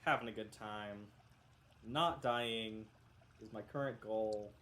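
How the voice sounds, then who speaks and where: A man's voice: fairly low pitch, fairly even intonation, takes it slowly, a bit bright, slight background noise. Rambling male game master with a cough. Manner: rambling, self-correcting, joking. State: coughing, sounds unwell. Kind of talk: casual tabletop game recap.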